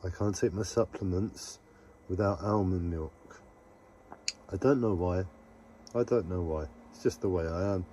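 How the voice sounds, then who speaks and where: A man live streaming a rambling, casual monologue to his viewers, halting often and talking to himself. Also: low-pitched, warm tone, slight background noise. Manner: meandering, halting, talks to himself.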